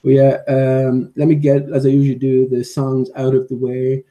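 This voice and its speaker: A man talks to his viewers in a loose, rambling way, with plenty of ums and restarts. His voice is mellow and warm. Now and then he breaks off to mock-scold a dog at his feet. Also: mid-range voice, completely flat delivery, normal speed, highs cut off. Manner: rambling, with many fillers and restarts; playfully scolds his dog between thoughts. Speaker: vlogger. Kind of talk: casual vlog chat.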